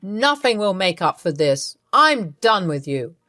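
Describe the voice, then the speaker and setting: A woman's voice: mid-range voice, sing-song, measured pace, pushed and bright, dry recording, clean studio sound. A woman voicing a wounded, angry young husband. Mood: hurt angry.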